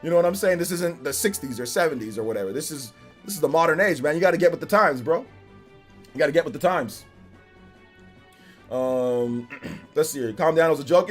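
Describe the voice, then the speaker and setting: A live streamer reacts to a game trailer, chatting in a slightly high, animated voice at a quick pace while faint music plays behind him. He rambles, repeats himself, laughs a lot, and sprinkles in slang like "bro" and "you know what I'm saying".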